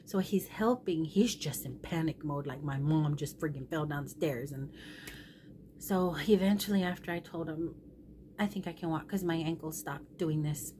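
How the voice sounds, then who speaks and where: A woman's voice: deep voice, normal speed, background noise. A middle-aged woman vlogger telling a personal story in a candid, rambling, emotional way.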